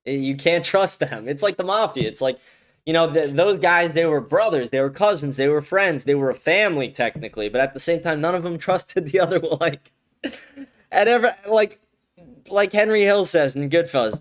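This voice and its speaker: A man's voice: a little high, normal speed. Profane, mocking male political commentator. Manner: profane, mocking, laughs often, shouts when excited. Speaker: political commentary show host. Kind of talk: casual reaction commentary.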